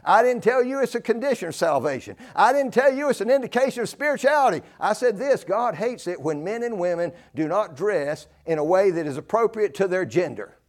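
An older man with a high voice delivers an animated sermon a little fast, with few pauses. He hammers home key phrases through repetition, alternating loud declarations with hushed asides.

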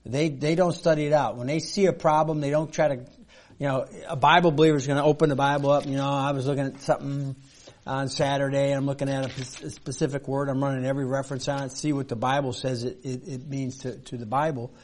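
Halting man teaching a Bible class. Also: mid-range voice, level tone. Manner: halting, many fillers and restarts, reads verses aloud.

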